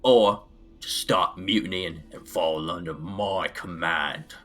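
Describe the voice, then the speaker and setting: A man's voice: sits low, slow, fairly bright tone, faint music behind. A man voicing a boastful ork pirate admiral in a put-on Cockney accent, with slangy, broken grammar. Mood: gruff.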